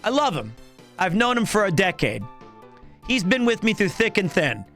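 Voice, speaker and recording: A man in his thirties chatting casually on a live stream, animated and rambling with lots of restarts. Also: high voice, normal speed, faint music behind. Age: 30s.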